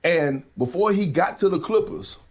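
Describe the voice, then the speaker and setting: A man's voice: high-pitched, lively intonation, moderate pace, slightly rough. A man giving sports debate commentary in an emphatic way, repeating his key numbers. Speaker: sports analyst.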